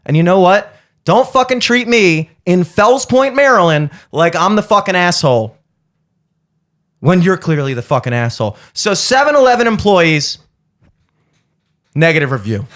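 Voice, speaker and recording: A man's voice: on the high side, fairly bright tone. A young man hosting a podcast, telling a heated, profane story as a comedic rant and acting out both sides of it. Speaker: podcast host.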